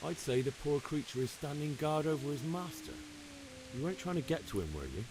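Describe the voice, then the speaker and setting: A man voicing a dry-witted male survivor who speaks in a calm, sardonic way. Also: a little high, brisk, slight background noise, poor audio.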